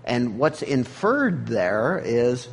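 A man's voice: mid-range voice, very animated, drawn-out words, husky. A man preaching a sermon, reading scripture aloud and then explaining it in a conversational way. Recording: long hall reverb.

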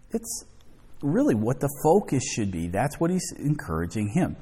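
A man leads an evening Bible study, reading a passage aloud and then unpacking it point by point. His voice is lively in pitch, with a dark, husky tone. It rings with a long reverb in a church hall. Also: normal speed. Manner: expository, reads scripture then explains it. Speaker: preacher.

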